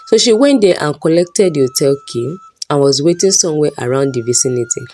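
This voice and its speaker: A woman narrating a folk story in a plain, steady way. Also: low voice.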